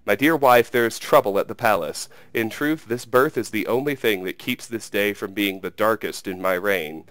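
A man's voice: lowish voice, moderate pace, fairly bright tone, no echo, lightly acted. A man reading as a grieving old king. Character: aging grief-stricken king, heartbroken and bitter.

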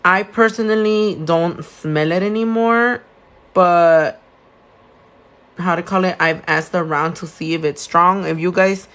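Slow, low-voiced Californian nail tech. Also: female voice, fairly bright tone. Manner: answers viewer questions, mixes Spanish into English. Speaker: nail tech and shop owner. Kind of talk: casual live-stream chat while doing nails.

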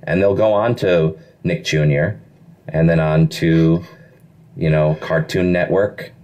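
A middle-aged man, a voice actor, telling stories in a casual interview with an animated, self-deprecating manner. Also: sits low, slow pace, dull audio. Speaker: voice actor guest.

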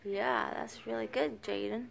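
An older woman, a grandmother babysitting, softly narrating a home video in an upstairs family room, often dropping to a whisper and coaxing the little ones. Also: on the high side, fairly even intonation, a little slow, gravelly, a loud crowd. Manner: soft-spoken, often hushed to a whisper; coaxing, praising grandmotherly baby talk. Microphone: handheld phone camera.

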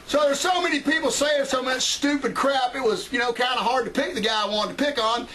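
A man's voice: very high voice, a little fast, sharp tone, poor audio. A man hosting a talk show, delivering a sarcastic, ranting monologue. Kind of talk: comedic opening monologue.

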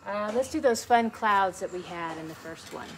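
A woman with a mid-range voice leads a beginners' painting lesson, talking through each stroke as she works. Her manner is chatty and encouraging. Steady background noise sits clearly behind her voice. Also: medium pitch, moderate pace. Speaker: painting instructor. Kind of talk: relaxed step-by-step painting tutorial.

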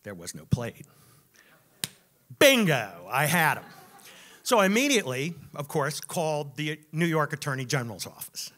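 Male live storyteller, wry and expressive, slightly high, lively delivery. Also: normal speed. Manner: animated, wry, builds to punchlines. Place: music club stage.

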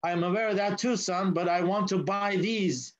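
A man voicing a kindly old preacher who calmly insists on buying two birds. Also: high-pitched, normal speed, close to an everyday voice. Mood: patient. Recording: dull lo-fi sound.

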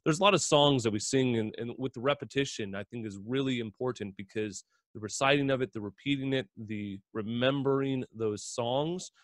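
A man's voice: medium pitch, normal speed, few pauses, no echo, clean studio sound. A man hosting a radio interview in a conversational way, with many fillers. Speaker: radio host.

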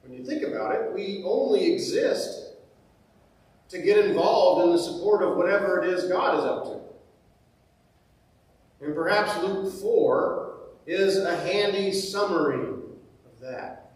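Male pastor, slow and unhurried, conversational sermon with repeated phrases, heard from a distance in a very echoey church. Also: high voice. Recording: very echoey church, mic far off.

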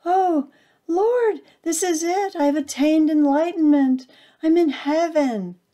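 A woman's voice: medium pitch, expressive, a little slow, mellow. A woman voicing a small, frightened, lonely acorn in a storybook tale, with breathless pleading cries. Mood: ecstatic.

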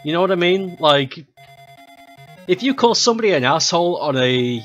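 A streamer in their thirties talks over a game with a bright, sharp tone and a voice that swings up and down a lot. They are blunt, swear freely and laugh often, with faint game music underneath. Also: mid-range voice, animated, moderate pace, lo-fi sound. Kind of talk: casual gameplay streaming.

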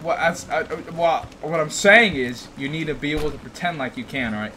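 Hyper guy on a game stream, high bright voice, teasing a friend, bit of hiss behind. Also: normal speed. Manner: animated, teasing, jokey outbursts. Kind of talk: casual gaming stream chat.

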